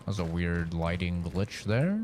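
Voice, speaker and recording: A man's voice: low voice, animated, unhurried, a little mellow, a little hiss or hum. A man streaming a game, chatting in a rambling, casual way full of fillers. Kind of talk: live-stream gaming commentary.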